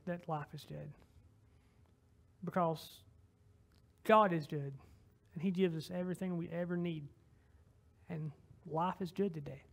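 A man's voice: high voice, creaky. A young man with a Southern US accent giving an informal church sermon and closing prayer, folksy and rambling, self-deprecating, with frequent restarts. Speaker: lay preacher.

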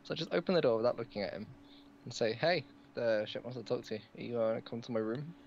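A man's voice: mid-range voice, fast, vocal fry, a little mellow, highs cut off, slight background noise. A man playing a tabletop role-playing game, chatting and describing what his character does. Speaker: player. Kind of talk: casual tabletop role-play.

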